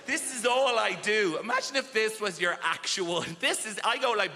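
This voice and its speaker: A man with an Irish accent doing a wry, animated stand-up comedy set on stage in a large theatre. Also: sits high, normal speed, very noisy. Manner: wry, animated, shouts in character voices. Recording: roomy live theatre with loud crowd.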